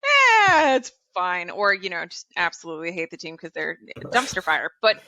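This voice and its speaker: A woman's voice: on the low side, a little fast, creaky, bright, forceful tone, no echo. A woman co-hosting a casual sports podcast, wry and blunt, laughing through her remarks. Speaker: podcast co-host.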